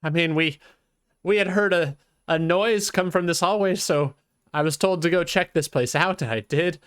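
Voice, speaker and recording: A man's voice: on the high side, moderate pace, fairly bright tone, clean tone, dry recording, clean studio sound, voice pushed up, close to an everyday voice. A man voicing a frightened male goblin guard who babbles and stammers nervously. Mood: panicky.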